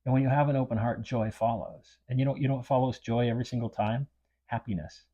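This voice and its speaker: A man's voice: medium pitch, steady tone, quick pace, dark tone, husky, lo-fi sound. A man hosting a self-help podcast, talking earnestly and repeating his points for emphasis. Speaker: podcast host. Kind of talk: reflective self-help talk.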